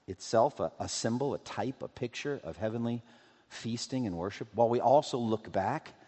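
A man preaching a sermon to his congregation, earnest, rising loud on scripture and dropping to hushed appeals. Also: medium pitch, lively intonation, normal speed, long reverb tail. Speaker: pastor. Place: church sanctuary.

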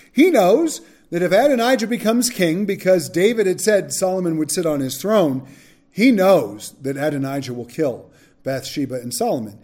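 A man's voice: on the high side, darkish tone. A man teaching a Bible study, reading verses and adding casual, frank asides.

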